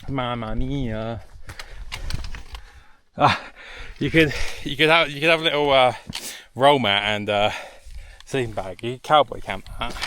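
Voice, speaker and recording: A man's voice: mid-range voice, normal speed, noisy background. Chatty man vlogging on a mountain hike. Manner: rambling, chatty, swears freely. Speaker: hiking vlogger. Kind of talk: casual vlog chat. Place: outdoors on a high mountain trail.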